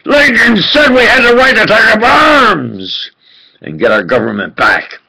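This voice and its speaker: Man preaching an angry rant, slow and gravelly, voice jumps all over. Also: high voice, sing-song, slight background noise, rough recording. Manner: ranting, swings from muttering to shouted outbursts; repetitive, emphatic. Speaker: self-styled preacher giving a political rant. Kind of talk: impassioned video rant.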